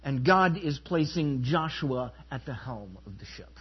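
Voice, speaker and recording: A pastor delivering an emphatic sermon, asking the congregation rhetorical questions and inviting them to respond. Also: male voice, medium pitch, animated, measured pace, breathy edge, lo-fi sound.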